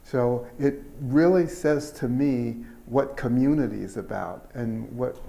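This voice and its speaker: An older man giving a keynote speech, telling personal stories in an unhurried, folksy way with pauses and fillers. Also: mid-range voice, creaky, dark tone. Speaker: keynote speaker. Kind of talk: storytelling speech.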